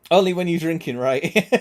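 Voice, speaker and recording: Man, young, gaming streamer, casual crude chat, slightly raised pitch. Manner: crude, swearing, laughing a lot.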